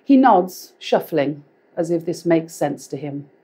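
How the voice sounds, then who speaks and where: A woman in her fifties, an author reading her own fiction aloud in a library, measured and deliberate. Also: low voice, lively intonation, warm tone, breathy edge. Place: public library, indoors.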